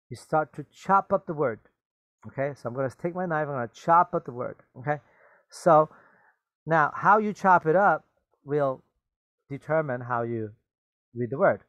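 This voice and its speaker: A man's voice: on the high side, animated, normal speed, long pauses, a bit bright, no room sound. A man teaching a reading lesson, reading a story aloud and patiently explaining the words, often checking with "okay?" and "right?".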